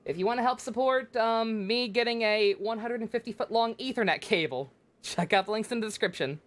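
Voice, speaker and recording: A woman's voice: a little high, fairly quick. A woman livestreaming a game, chatting casually in a rambling way with many restarts and frequent swearing. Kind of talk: casual gameplay commentary.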